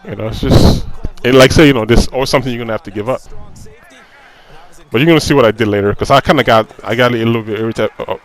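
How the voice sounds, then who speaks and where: A man's voice: medium pitch, very fast, poor audio. A man giving casual commentary over his own football video game match, ranting in a frustrated, conversational way and leaning on "you know" and repeated phrases. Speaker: gaming commentator.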